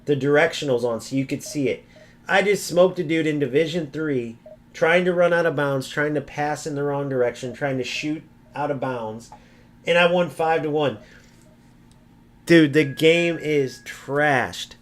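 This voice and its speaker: A man with a fairly high voice calls out the game over live gameplay. His talk is brash and mocking, full of insults and swearing at other players. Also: measured pace. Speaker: video game streamer. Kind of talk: gameplay commentary rant.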